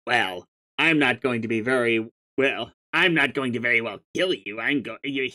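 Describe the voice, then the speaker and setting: A man's voice: mid-range voice, animated, normal speed, sharp tone. A man reading as a brash, foul-mouthed sea troll. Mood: scornful. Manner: pushy, profane, mocking.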